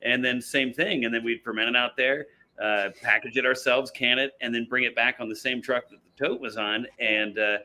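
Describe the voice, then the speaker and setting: Bright-voiced man telling a long story. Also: medium pitch, fairly even intonation, normal speed, hardly any pauses. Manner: rambling storyteller, self-mocking asides. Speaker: brewery guest. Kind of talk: casual podcast chat.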